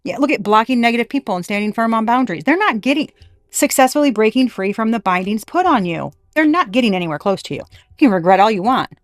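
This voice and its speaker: A woman giving a casual tarot reading, blunt and animated, swearing freely. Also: on the high side, fast talker, dry recording, clean studio sound. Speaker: tarot reader.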